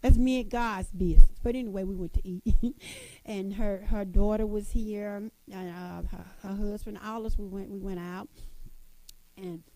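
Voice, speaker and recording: A woman in a casual motivational talk to women, folksy and lively, calling her listeners sisters. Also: mid-range voice, normal speed, dry recording, rough recording.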